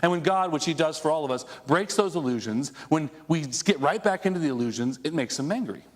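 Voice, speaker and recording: A male pastor preaching a conversational, animated sermon to his congregation, with asides to the people in the room. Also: fairly high pitch, brisk. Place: church sanctuary before a congregation. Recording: long echo of a church hall.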